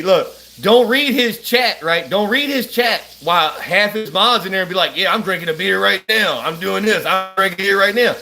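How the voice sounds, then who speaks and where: Rambling man with a high voice. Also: fairly bright tone, slight background noise. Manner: loose, rambling, drawling, laughs often. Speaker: livestreamer. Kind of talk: casual livestream chat. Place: at home, cooking. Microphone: phone. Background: food frying and sizzling.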